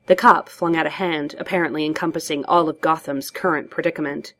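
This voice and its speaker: Low-voiced woman reading a story. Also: fairly even intonation, brisk, hardly any pauses, a bit bright. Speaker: narrator. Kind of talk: audiobook narration.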